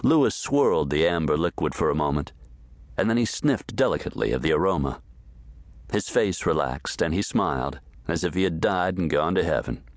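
A man reading a western novel aloud as audiobook narrator, steady and measured, close to the mic. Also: deep voice, no echo.

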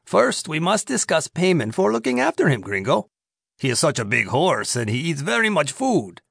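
A man's voice: a little high, wildly swooping pitch, gravelly, a bit bright, husky, no echo, studio quality, pitched above the performer's own voice, full character voice. A man putting on a sly prison commandant. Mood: sly menacing. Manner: slow, drawn-out, oily politeness with veiled threats. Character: smug, greedy male Mexican prison commandant.

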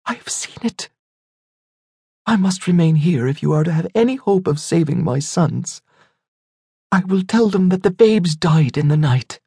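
A man voicing a grieving young mother, breathy and choked. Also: on the high side, animated, a little slow, dark tone, no room sound, clean studio sound, voice pushed up, exaggerated voice. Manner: choked, pleading, tearful. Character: grieving young mother giving up her twin sons. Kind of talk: audiobook character voice.

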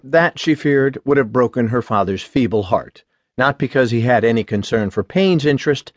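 A man reading an audiobook in a measured, even scripted narration. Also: medium pitch, dry recording.

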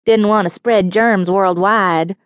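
A woman's voice: mid-range voice, fairly even intonation, takes it slowly, dry recording, lightly acted. A woman voicing a laid-back male booking agent with a Texas drawl and a wry, teasing manner, in an audiobook reading.

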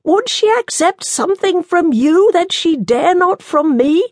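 A man's voice: very high-pitched, very animated, unhurried, creaky, no room sound, studio quality, pitched above the performer's own voice, heavily acted. A woman reading the part of a worried male London physician, calling out over a storm while riding. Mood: anxious pleading. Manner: shouting over the wind.

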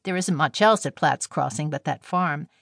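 A kindly young railroad engineer with a cheerful, slangy way of talking, read by a woman narrator. The voice sits fairly low and the sound is close and dry. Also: moderate pace, gravelly, dry recording. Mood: breezy.

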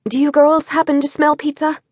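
A woman voicing a patient widowed mother of three, calm and gently firm. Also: sits high, a little fast, no echo, clean studio sound, pitched above the performer's own voice, natural voice.

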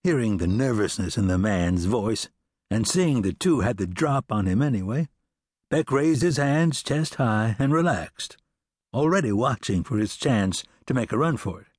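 A man narrating a western audiobook with expressive storytelling. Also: medium pitch, moderate pace, slightly rough, dry recording, clean studio sound. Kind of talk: scripted narration.

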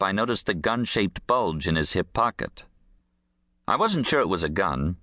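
Guy reading an audiobook, deep voice, lively ups and downs, bright and crisp. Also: no echo, clean studio sound. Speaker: audiobook narrator. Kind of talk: scripted audiobook narration.

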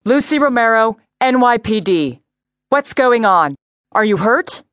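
A woman voicing a tough female New York detective who gives crisp, commanding orders in an audiobook. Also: on the high side, expressive, a little slow, fairly bright tone, no echo. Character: tough female NYPD detective, cool under pressure. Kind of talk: audiobook character voice.

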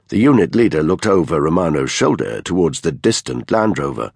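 A man reading a thriller audiobook in measured scripted narration. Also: sits low, very animated, vocal fry, a little mellow, husky, no room sound. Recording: dry close studio mic.

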